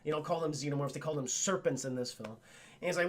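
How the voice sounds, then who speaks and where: A man's voice: on the high side, quick pace. A man streaming a casual, profane film review and talking straight to his chat. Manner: profane, excitable, keeps addressing the chat. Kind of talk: casual livestream film commentary.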